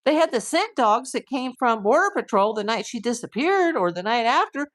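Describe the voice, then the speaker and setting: A woman from the USA hosts a live stream as a private investigator, talking straight to her viewers. Her voice sits a little high. She talks emphatically and indignantly, piling up rhetorical questions. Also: sing-song, normal speed.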